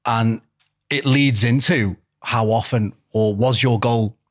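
Husky-voiced male podcast host. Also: medium pitch, takes it slowly. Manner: laughs along, asks leading questions. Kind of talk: casual interview.

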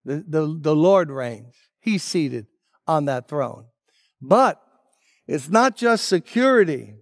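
A man preaching a sermon as pastor, emphatic, dropping to hushed tones and rising on key words. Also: on the high side, expressive, slow, no room sound, clean studio sound. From United States.

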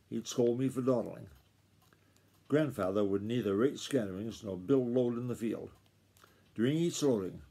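A man reading a novel aloud to his family in a steady storytelling voice, with small slips now and then. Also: mid-range voice.

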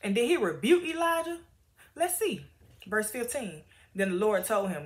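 A woman reading Bible passages aloud and commenting in a chatty, animated way. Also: medium pitch, moderate pace. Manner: animated, chatty, laughs often. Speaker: Bible story teacher.

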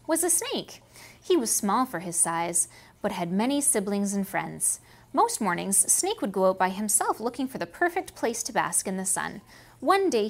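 Reading a storybook to small children, a Canadian woman who works as a museum educator speaks in a somewhat high voice. Her delivery is slow and sing-song, and she poses questions to the kids as she teaches.

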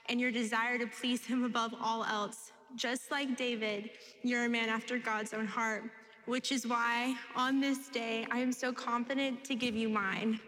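Bride, fairly high voice, heartfelt and emotional, reverberant venue. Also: female voice, a bit bright. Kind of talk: reading wedding vows. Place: wedding venue. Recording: echoey ceremony hall.

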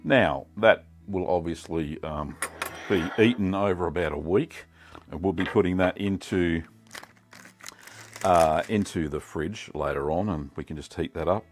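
Deep-voiced Australian man, chatty. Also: a little slow, slight background noise. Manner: chatty, relaxed, many ums and uhs. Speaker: cheesemaking channel host. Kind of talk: casual cooking vlog.

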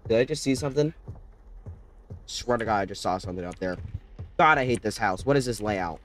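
A young man hosting a horror game let's-play, muttering low and bursting into screamed, profane threats. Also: expressive, fairly quick, fairly bright tone. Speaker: gaming channel host.

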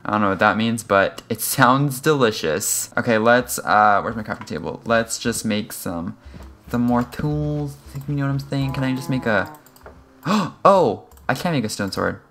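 A young man giving casual, rambling commentary over a game he is playing, excitable and self-mocking, with sudden high yelps when startled. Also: unhurried. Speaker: gaming channel host.

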